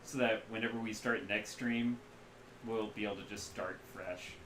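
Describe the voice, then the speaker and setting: A man's voice: fairly low pitch, steady tone, moderate pace, noisy background. Man narrating a game in an echoey room. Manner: casual reading with asides. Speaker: streamer reading a text game. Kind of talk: live-stream game narration. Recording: roomy echo.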